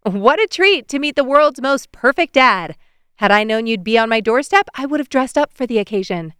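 A woman voicing a sarcastic young mother with a sharp, snarky edge. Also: mid-range voice, moderate pace, clean tone, dry recording, clean studio sound, lightly acted.

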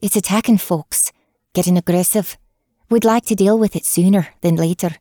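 A woman voicing a light, breathy female hunter with an Irish accent. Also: medium pitch, moderate pace, dark tone, dry recording, clean studio sound, natural voice. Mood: cheery.

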